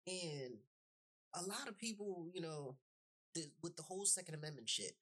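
A woman's voice: low voice, animated, normal speed, fairly bright tone, husky. A woman hosting a podcast, ranting in a heated, blunt way with heavy swearing and emphatic repetition. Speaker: podcast host. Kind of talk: profane podcast rant.

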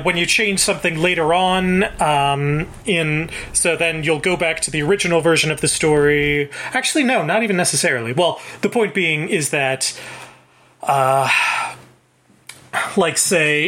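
A man's voice: fairly high pitch, a bit bright. A man co-hosting a podcast in casual chat, explaining at length with many restarts. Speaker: podcast co-host.

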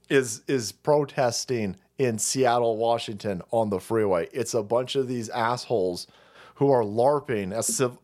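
A man hosts a live stream in a fiery, profane rant. His voice swings widely between high and low as he mocks and scoffs. The delivery stays loose, heated and unscripted. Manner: profane, heated, mocking rant with frequent laughs. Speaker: streamer host. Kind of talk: ranting live-stream commentary.

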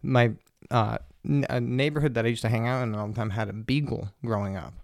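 A man's voice: medium pitch, fairly even intonation, brisk, gravelly, a little mellow, no echo, clean studio sound. A young man hosting his own podcast, telling loose, profane, jokey stories in a casual rambling monologue. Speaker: podcast host.

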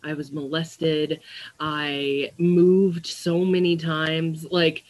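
A woman's voice: deep voice, level tone, very slow. A young adult woman talking in a casual diary-style vlog monologue, rambling with lots of "like" and "um". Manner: rambling, with frequent "like" and "um" fillers. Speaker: vlogger.

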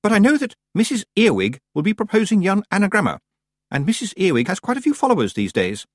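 A man voicing a fussy, nosy middle-aged woman witch in a high, prim audiobook character voice. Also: wildly swooping pitch, fast talker, no echo, clean studio sound, exaggerated voice. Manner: high-pitched, prim, eager.

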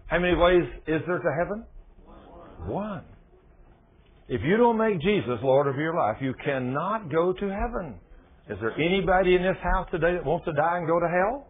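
A man preaching a sermon, telling stories dramatically and swinging from loud exclamations to hushed, low lines. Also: expressive, normal speed. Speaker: pastor. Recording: tinny phone-like sound.

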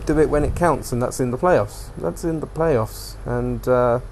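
A man's voice: mid-range voice, normal speed, darkish tone, a little hiss or hum. A young man hosting a casual solo podcast, rambling loosely between topics and swearing freely. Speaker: podcast host.

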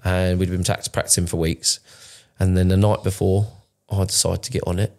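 A man in his thirties tells his story in a raw, unpolished way, often breaking off and restarting sentences. His voice is very low, with a rough, gravelly fry. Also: level tone, normal speed, darkish tone. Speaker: podcast co-host. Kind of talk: candid conversational storytelling.

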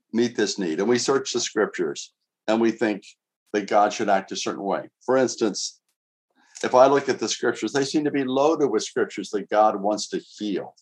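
A man preaching a sermon in an earnest, conversational way, asking his listeners rhetorical questions and reading scripture aloud. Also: fairly low pitch. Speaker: pastor. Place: outdoors in winter.

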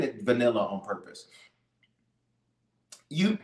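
A man's voice: medium pitch, sing-song, a little slow, long pauses, darkish tone. Fervent preaching man, roomy echo. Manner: fervent, repetitive, pleading emphasis. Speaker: bishop leading online prayer. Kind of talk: live-streamed prayer and preaching.

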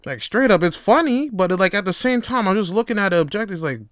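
A man hosting a solo podcast, talking in a casual, profane, rambling way that swings between quiet reflection and animated storytelling. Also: sits high, a little fast, no room sound, studio quality. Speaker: podcast host.

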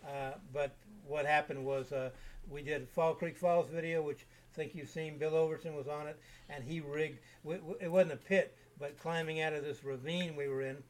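A man in his seventies, an interview guest, telling rambling caving anecdotes in a relaxed, casual way with frequent restarts. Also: a little high, moderate pace. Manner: rambling, self-repeating anecdotes. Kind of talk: casual storytelling.

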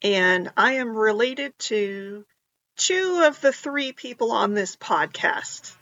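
A woman improviser talks slowly and matter-of-factly as a podcast guest. Her voice is bright and forward. The recording sounds dull, lo-fi and dry. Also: a little high, animated, no echo. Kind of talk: casual podcast chat.

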